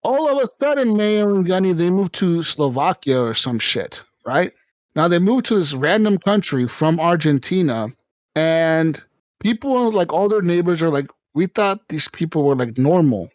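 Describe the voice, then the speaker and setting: A man hosting a podcast, telling a story in casual, excited, profane chat. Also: sits high, moderate pace, dry recording, low-quality recording. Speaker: podcast host.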